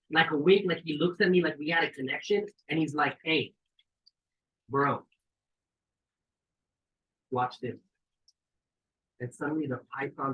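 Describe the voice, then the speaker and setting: Guy performing a story, bright voice, swings from shouting to hushed. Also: rough recording. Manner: animated, profane, street slang, jumps to high shouted voices for quoted lines; drops low and quiet for suspense. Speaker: artist reading his own story. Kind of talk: dramatic story reading. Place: cabin during a live event.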